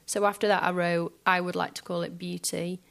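A woman musician speaking softly and hesitantly in a reflective interview in front of a live audience, filling pauses with small filler phrases. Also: on the low side, little pitch movement, creaky. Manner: soft, hesitant, many fillers. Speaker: guest musician.

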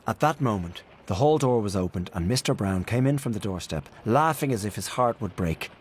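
A man reading a literary story aloud in a measured, expressive narration. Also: on the low side, slightly rough, no room sound. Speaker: audiobook narrator.

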